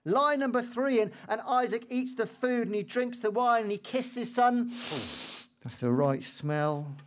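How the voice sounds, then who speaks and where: A man preaching a sermon, telling the story dramatically and swinging between hushed asides and loud, emphatic lines. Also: extremely high pitch, fairly even intonation, moderate pace.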